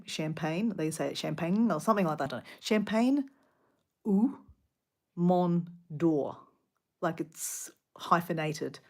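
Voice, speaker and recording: An older Australian woman chatting casually on a travel livestream. She rambles and laughs at herself, with plenty of fillers and restarts. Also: fairly low pitch. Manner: chatty and self-deprecating, lots of fillers and restarts. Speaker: travel vlogger. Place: small hotel in France at night.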